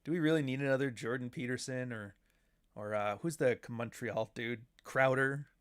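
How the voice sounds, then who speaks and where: A middle-aged man from Canada hosts a casual livestream commentary. He rambles from point to point, swears freely and keeps a dry, sardonic edge in his talk. His pitch sits in the middle for a man. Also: moderate pace, clean tone. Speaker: show host.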